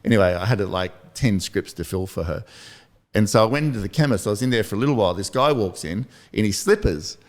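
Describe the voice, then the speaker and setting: Low-voiced man in his fifties. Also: lively intonation, quick pace. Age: 50s. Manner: rambling, anecdotal, self-deprecating. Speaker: podcast host. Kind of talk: casual motivational chat.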